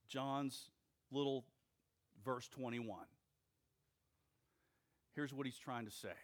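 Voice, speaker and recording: A male pastor preaching a sermon, with slow, deliberate phrasing and emphatic pauses between short phrases. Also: mid-range voice.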